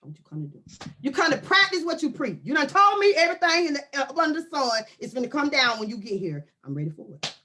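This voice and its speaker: A woman, ranting loudly and comically in casual talk, often shouting. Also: high-pitched, quick pace, a little hiss or hum. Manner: loud animated ranting with frequent shouting. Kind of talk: casual comic rant to camera.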